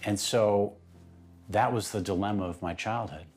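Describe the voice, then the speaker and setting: A man's voice: fairly low pitch, moderate pace, darkish tone, slightly rough, soft background music. A man speaking as an interview guest, telling a personal story in an emphatic way that builds in intensity.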